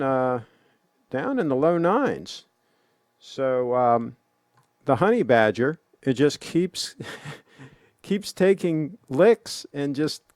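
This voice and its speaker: A man hosting a casual live stream, talking in a relaxed, chatty way to viewers he calls folks. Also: on the high side, no room sound. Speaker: host.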